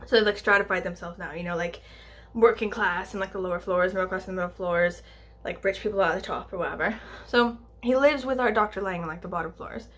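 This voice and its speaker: A woman's voice: medium pitch, fairly even intonation, fast talker, a bit bright. A young woman talking casually about a book she listened to, rambling and full of asides and fillers. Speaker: book vlogger. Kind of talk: casual chat.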